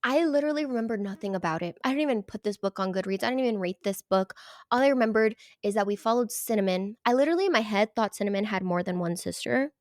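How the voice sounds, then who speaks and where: A young woman book vlogger chatting casually and gushing about her reads, her voice a little rough from being sick. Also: mid-range voice, animated, fast talker, a little mellow, no echo, studio quality. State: sick, hoarse voice. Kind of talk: casual chat.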